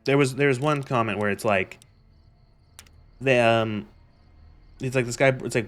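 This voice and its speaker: A man's voice: mid-range voice, moderate pace, pauses often, a bit bright. Exasperated, sweary male streamer. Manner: exasperated, sweary, lots of fillers. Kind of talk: casual gameplay commentary and rant.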